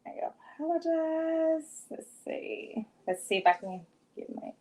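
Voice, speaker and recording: A high-pitched woman hosts a casual podcast interview. She gushes over her guest in an upbeat, excitable way. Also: unhurried. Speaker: podcast host.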